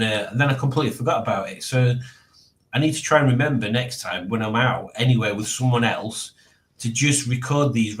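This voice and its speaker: A man hosting a casual livestream, rambling and chuckling to himself as he reads out chat messages. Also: mid-range voice. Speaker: livestream host. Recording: echoey room.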